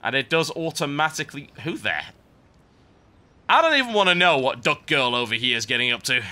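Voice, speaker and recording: Guy doing a lets play, super bright voice, lively and sarcastic, game music faint behind. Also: mid-range voice, fairly quick. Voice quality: sarcastic, rambling. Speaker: game commentator. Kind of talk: let's play commentary.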